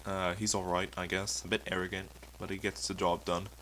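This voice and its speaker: A man's voice: deep voice, flat delivery, brisk, pushed and bright, slight background noise, voice pushed down, rough recording. A man voicing a touchy, boastful metal superhero man with a British accent and a pompous, easily offended manner. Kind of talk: comedy sketch acting.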